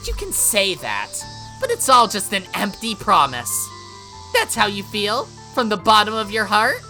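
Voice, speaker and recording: A woman putting on a bitter, scornful teenage girl from a visual novel, biting and sarcastic, her pitch swinging widely between sneers, bright and edgy in tone. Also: huge pitch swings, measured pace, soft background music, full character voice, rough recording. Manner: cutting, mocking, bitter. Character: scornful teenage girl, sharp-tongued twin. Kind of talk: voiced visual novel reading.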